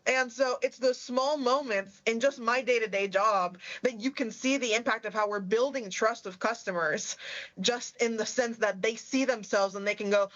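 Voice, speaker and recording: A woman's voice: fairly high pitch, normal speed, fairly bright tone, highs cut off. A woman from Puerto Rico with a Puerto Rican accent, chatting as a panel guest and telling anecdotes with plenty of fillers. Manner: chatty, storytelling, many fillers. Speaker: tech sales guest. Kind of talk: panel conversation.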